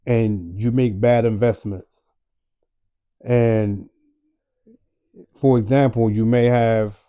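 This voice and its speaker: A man hosting his own online talk show in a relaxed, mellow voice, taking his time over every thought. He drifts through fillers and the odd curse word, breaking out now and then into loud greetings. The sound is dry and a bit dull, like a lo-fi home recording. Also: lowish voice, smooth, no room sound. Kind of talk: casual monologue talk show.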